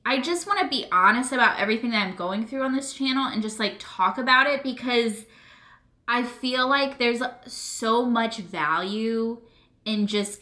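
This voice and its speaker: Teary and earnest, a woman records an emotional personal vlog on her camera mic, rambling to her viewers with lots of fillers. Her voice is on the high side, pushed and bright, in an echoey room.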